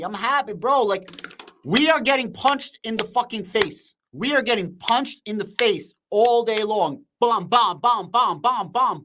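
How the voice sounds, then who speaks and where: A man hosting a live stream, shouting with excitement in casual slang and answering viewers' comments. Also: high voice. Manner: shouting, hyped, slangy, reads chat aloud.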